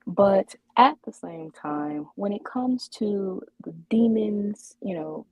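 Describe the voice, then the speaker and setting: A woman co-hosting a podcast talks slowly and thinks out loud, with many ums and restarts. Her voice is low and mellow with a husky edge. The sound is dry and close. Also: animated, no room sound, low-quality recording. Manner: hesitant, many fillers and restarts. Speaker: podcast co-host. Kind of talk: casual chat.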